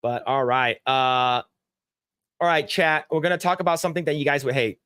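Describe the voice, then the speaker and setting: Laughing, profane podcast host, higher voice. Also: male voice, normal speed, pushed and bright, smooth, no echo, studio quality. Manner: laughing, profane, acts out scenes. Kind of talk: casual chat.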